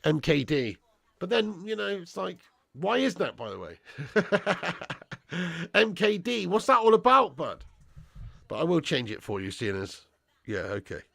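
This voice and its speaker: A man's voice: a little high, sing-song, unhurried, vocal fry, pauses often, fairly bright tone, dry recording, clean studio sound. A young man hosting a football watch-along, reading out live chat with swearing banter and calling viewers lad and bro.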